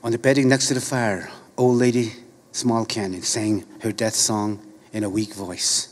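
A middle-aged man reading a story aloud in a slow, measured, solemn way. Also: lowish voice, little pitch movement.

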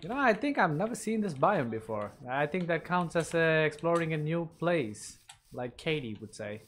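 A young man giving casual let's-play commentary, mumbling asides and bursting into loud yelps and cheers. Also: fairly high pitch, very animated, moderate pace. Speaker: gaming commentator.

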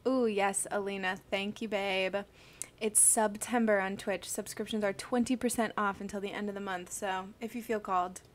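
A woman's voice: medium pitch, fairly even intonation, moderate pace. A young woman streaming a crossword session, chatting casually and gushing as she greets viewers by name. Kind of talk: casual livestream chat.

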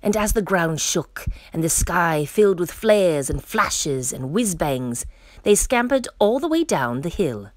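A woman reading a children's picture book aloud in an expressive, playful way. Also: fairly low pitch, a little slow, no echo. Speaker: storyteller. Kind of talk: children's story read-aloud.

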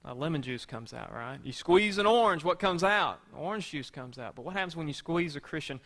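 A man's voice: a little high, animated, brisk, fairly bright tone. A man preaching a sermon as pastor in a conversational way, asking the congregation rhetorical questions.

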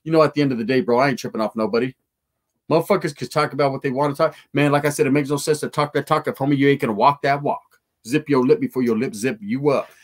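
A man's voice: medium pitch, fairly even intonation, fast. Laid-back man hosting a livestream chat. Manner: street slang with Spanish words, profane, laid-back. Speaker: livestream host. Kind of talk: casual livestream chat reading comments.

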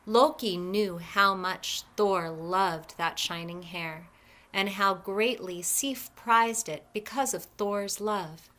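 A woman, a librarian, narrating a storybook read-aloud in a measured, expressive way. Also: medium pitch.

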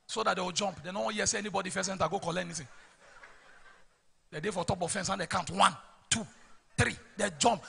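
High, bright Nigerian comedian. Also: male voice, quick pace, creaky, pauses often, breathy edge. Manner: lively, laughing storytelling. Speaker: stand-up comedian. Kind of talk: stand-up storytelling.

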